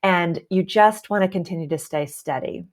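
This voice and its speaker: Low-voiced woman coaching calmly. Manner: calm, deliberate, with warm asides and quick laughs. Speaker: career and leadership coach. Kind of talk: presentation with slides.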